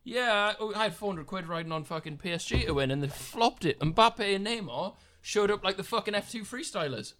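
A young man co-hosting a podcast, brash and quick to swear in casual banter. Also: high voice, expressive, fairly bright tone. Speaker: podcast co-host.

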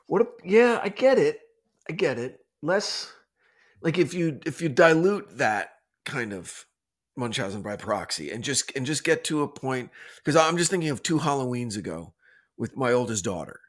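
A man co-hosting a podcast in loose, casual conversation. He rambles and restarts, getting animated as he tells a story, with an ordinary middle pitch. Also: normal speed. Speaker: podcast co-host. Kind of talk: casual chat.

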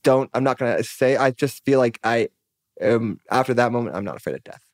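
Quick, chatty male guest who acts out quoted lines as he rambles through a story. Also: mid-range voice, animated, no room sound, studio quality. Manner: rambling, filler-heavy, acts out quoted dialogue. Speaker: podcast guest, musician. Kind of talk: casual storytelling interview.

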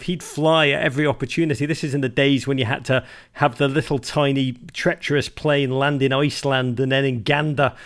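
A man from Liverpool, a guest telling wry, self-mocking family anecdotes in an interview. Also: on the high side. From Liverpool, England. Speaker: guest, author. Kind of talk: storytelling interview talk.

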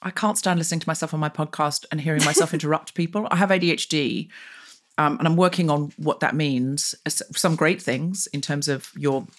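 A woman from Australia with a faint Australian accent, a podcast guest telling animated stories in casual interview chat. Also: sits low. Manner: animated, fast storytelling with laughs.

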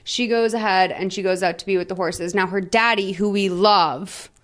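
A woman co-hosting a podcast, recapping a film in casual chat, candid and quick to swear. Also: mid-range voice, fairly even intonation. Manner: candid, swears freely, acts out quotes. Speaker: podcast co-host.

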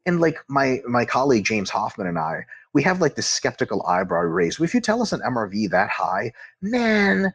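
Animated, husky-voiced man talking shop. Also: on the high side, moderate pace, few pauses, dry recording. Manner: animated, profane, acts out quotes. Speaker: guest expert on training. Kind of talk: casual podcast chat.

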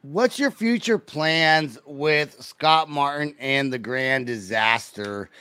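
A man's voice: medium pitch, takes it slowly, pushed and bright, clean tone, no echo. A man hosting a podcast interview, playful and teasing, often repeating himself. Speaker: podcast host. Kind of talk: casual interview chat.

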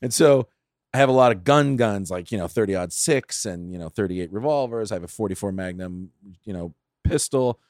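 Profane, animated man telling stories. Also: fairly low pitch, brisk, no room sound, clean studio sound. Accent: Californian. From United States. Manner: profane, self-mocking storyteller. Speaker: guest, film producer. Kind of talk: casual podcast chat.

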